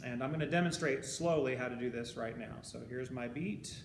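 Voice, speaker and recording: A patient male band teacher walks students through a rhythm exercise and counts the beats out loud as he goes. His voice rings around a reverberant room. A steady hum of background noise sits under him. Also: mid-range voice, fairly quick. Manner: patient, explains step by step and counts beats aloud. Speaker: high school band teacher. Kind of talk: recorded music lesson.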